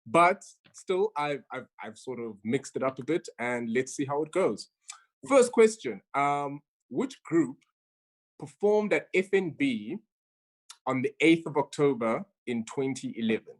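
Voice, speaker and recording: A woman's voice: extremely low pitch, animated, a little slow. A woman hosting an online quiz over a video call, chatty and stumbling over her words as she reads each question twice. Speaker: quizmaster.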